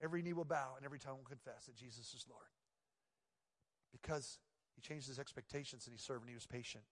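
A man, a pastor, giving a conversational, joking sermon that drops into quiet, earnest prayer tones. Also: medium pitch, fast, big-room sound.

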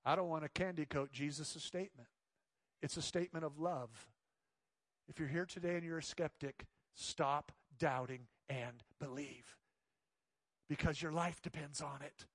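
Male pastor, higher voice, dry close sound, animated sermon storyteller who acts out quotes. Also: normal speed, dry recording. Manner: drops to soft pleading tones.

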